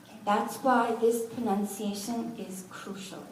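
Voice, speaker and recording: A woman's voice: fairly high pitch, fairly even intonation, a little slow. Lady teacher in a classroom, patient, breaks words into syllables, echoey room, mic kinda far off, faint hiss. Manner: good-humored, joking asides. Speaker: Korean language teacher. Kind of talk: classroom language lesson.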